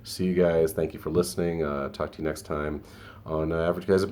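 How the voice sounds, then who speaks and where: A man's voice: very deep voice, fairly even intonation, fairly quick, a little mellow. A man hosting a solo podcast, rambling through an opinion rant with frequent restarts and asides. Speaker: podcast host.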